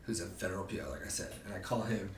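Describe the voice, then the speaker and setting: A young man, a podcast guest, telling a story in an animated, profane way and acting out the other people in it. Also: low voice, rapid-fire. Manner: profane, animated, acts out quoted voices. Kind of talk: casual storytelling. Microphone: distant from the mic. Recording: roomy, distant mic, faint background noise.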